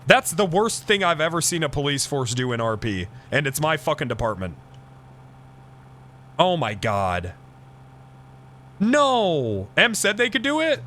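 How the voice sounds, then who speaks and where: A man streaming a roleplay game in character, ranting excitably and swearing a lot. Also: a little high, measured pace, long pauses, slight background noise. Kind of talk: casual in-character roleplay chat.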